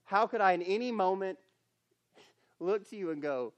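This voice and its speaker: A man with a high voice delivers a camp sermon, earnest and building to emphatic points. He often repeats and restarts his phrases as he works toward them. The sound is dry and close, with no room echo. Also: normal speed, lo-fi sound. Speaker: camp speaker.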